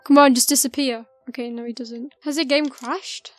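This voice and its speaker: A woman's voice: high voice, fairly even intonation, normal speed, no room sound, faint music behind. A woman streamer giving chatty gameplay commentary that swings into heated outbursts. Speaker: let's play streamer.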